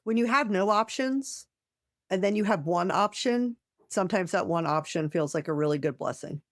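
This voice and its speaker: A woman's voice: on the low side, animated, moderate pace, dry recording, clean studio sound. A woman co-hosting a podcast, chatting casually and reacting with incredulous questions. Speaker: podcast co-host.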